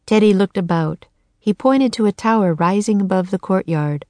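A woman narrating a children's chapter book in a calm, even storytelling voice. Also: mid-range voice, moderate pace, dry recording. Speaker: audiobook narrator. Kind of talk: scripted narration.

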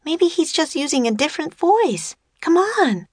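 A woman voicing a cheerful, bold nine-year-old girl in a storybook reading, pitched high and chirpy. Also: very animated, moderate pace, no echo, studio quality. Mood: eager.

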